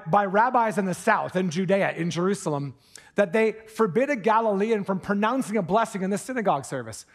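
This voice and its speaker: A man preaching a sermon from the pulpit, animated and earnest, dropping into hushed intensity for emphasis and tossing in casual jokey asides. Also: high-pitched. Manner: jokey asides with put-on accents. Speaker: pastor. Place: church sanctuary.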